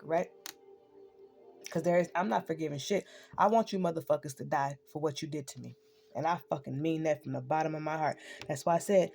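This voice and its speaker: Deep, gravelly, and dark, this online spiritual speaker's voice runs a little fast. She rants profanely through a casual monologue, repeatedly asking "right?"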